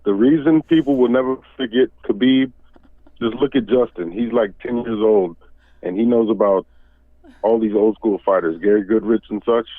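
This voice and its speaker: A man calling in to a livestream show, giving a quick joking opinion. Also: lowish voice, dry recording. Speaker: call-in caller. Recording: tinny phone line.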